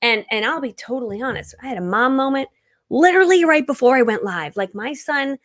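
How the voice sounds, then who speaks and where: Bright, energetic woman hosting a live stream. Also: high-pitched, brisk. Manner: energetic and loud, laughs often. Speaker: host of a live-stream coaching session. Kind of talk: casual live-stream coaching talk.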